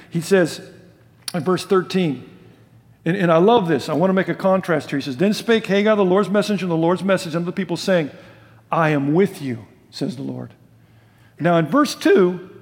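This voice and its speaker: An older man, a pastor, preaches conversationally in a large hall. He asks the listeners questions, and his loud emphatic moments give way to soft, low asides.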